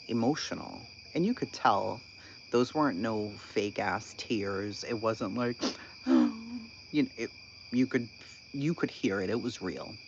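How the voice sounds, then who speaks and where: A man talks slowly and casually about online drama. He sounds incredulous and animated and laughs often. The recording is dull and lo-fi, with insects chirping steadily behind him. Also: mid-range voice. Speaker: channel host. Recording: dull lo-fi sound with constant background noise.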